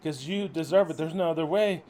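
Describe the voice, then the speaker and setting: Talking fairly quickly, a middle-aged man who leads a ministry berates his followers with exasperated profanity. His delivery lurches from loud outbursts down to low mutters.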